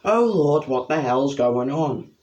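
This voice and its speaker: A young man giving a rambling, excitable spoken review of a wrestling event. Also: medium pitch, slow, lo-fi sound.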